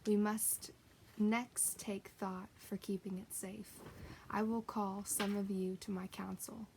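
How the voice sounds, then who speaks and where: A woman voicing a great lion who speaks in a measured, solemn and commanding way. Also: mid-range voice, level tone, vocal fry, darkish tone, a little hiss or hum.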